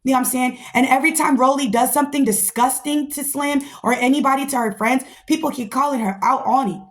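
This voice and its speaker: A woman's voice: high-pitched, fairly even intonation, fast. A woman hosting a podcast, giving a blunt, profane, fired-up recap of a reality show and talking to listeners as y'all. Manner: slangy, addresses listeners as y'all. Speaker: podcast host.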